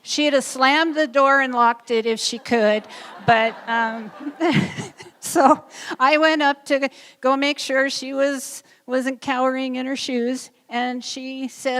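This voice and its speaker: A woman's voice: sits high, fairly even intonation, slow, fairly bright tone, a little hiss or hum. A woman who raised a guide dog puppy, telling amused anecdotes about it at a graduation. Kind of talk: storytelling speech. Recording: reverberant hall.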